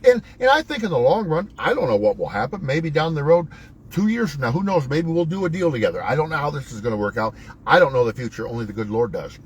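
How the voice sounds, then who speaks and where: A man's voice: sing-song, fast, a little hiss or hum, rough recording. Preachy, folksy motivational man. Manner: preachy, emphatic coaching with wide pitch swings. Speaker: host. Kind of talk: motivational talk to viewers.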